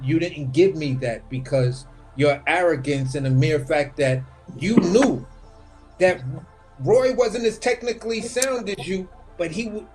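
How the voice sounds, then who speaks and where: Opinionated man arguing boxing. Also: fairly high pitch. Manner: animated, opinionated, repeats words when building a point. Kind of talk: casual boxing chat on a livestream. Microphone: video call.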